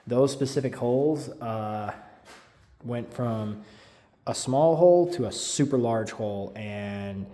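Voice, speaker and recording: Low-voiced man rambling in his garage. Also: darkish tone, a little hiss or hum. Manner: rambling, self-talking, filler-heavy. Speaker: car builder. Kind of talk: casual garage build vlog. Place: home garage.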